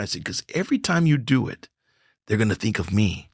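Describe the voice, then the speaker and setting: A man's voice: on the low side, fairly quick, creaky, husky, no echo, clean studio sound. An older man, a comedian guest on a podcast, telling stories casually and acting out the dialogue. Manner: animated storyteller acting out dialogue. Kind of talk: casual storytelling chat.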